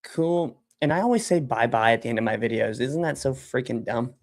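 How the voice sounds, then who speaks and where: This livestream host, who founded a software company, has a medium-pitched, expressive voice and a brisk delivery. He types at his computer desk while chatting casually, full of fillers and offhand curses.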